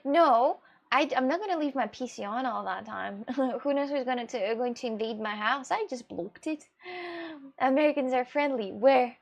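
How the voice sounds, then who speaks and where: A Russian woman with a high, light voice, whose first language is Russian, chats casually on her stream. She rambles expressively through viewer questions and laughs often. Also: normal speed, vocal fry, dull audio.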